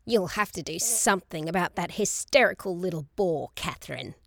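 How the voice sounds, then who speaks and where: A woman's voice: on the low side, animated, moderate pace, gravelly, dry recording, studio quality. A woman reading a storybook voices a cold, sniping old grandmother with a cutting voice. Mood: disdainful. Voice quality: cutting, razor-edged.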